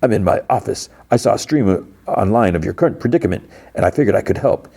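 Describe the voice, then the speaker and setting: A man voicing an older male tech mogul who speaks in a measured, courteous way. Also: fairly low pitch, lively intonation, gravelly, mellow, husky, pitched above the performer's own voice, heavily acted. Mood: calm helpful.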